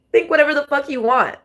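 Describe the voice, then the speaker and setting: Profane, animated woman reading tarot. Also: high-pitched. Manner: profane, animated, laughs often, talks straight to viewers. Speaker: tarot reader. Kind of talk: casual tarot reading vlog.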